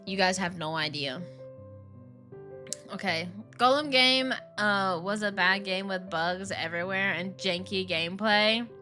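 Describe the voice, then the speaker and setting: While playing a game on stream, a young woman chats casually, ranting and laughing with plenty of slang. She speaks at a medium pitch, a little slowly, with a sharp edge, and soft music plays behind her.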